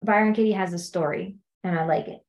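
A middle-aged woman speaking as a coach in a conversational teaching talk, often acting out what people say. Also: quick pace. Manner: conversational, acts out quotes in high animated voices.

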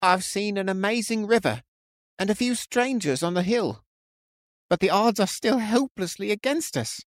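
A man's voice: sits high, animated, moderate pace, no room sound, studio quality, voice pushed up. A man voicing a frightened young man whose voice cracks with distress as he pleads. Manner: panicked, pleading.

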